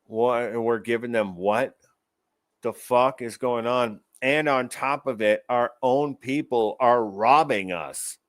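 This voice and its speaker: A man's voice: mid-range voice, slow, a bit bright, no echo. A man hosting his own show, giving rambling, profane commentary in a casual ranting manner. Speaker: show host.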